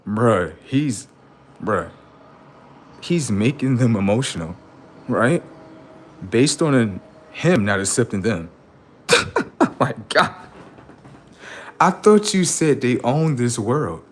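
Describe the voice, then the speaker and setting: A man hosting a live stream and talking to his chat in a rambling, preachy way, full of profanity and street slang, dropping to low mutters and jumping up to high outbursts. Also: sing-song, slow, pauses often. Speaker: livestream host.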